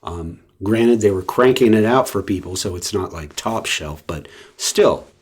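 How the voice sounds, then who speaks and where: A man's voice: low-pitched, animated, a little slow, breathy edge. A man chatting casually to the camera in a rambling way, full of fillers and restarts. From West Coast of the US. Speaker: vlogger.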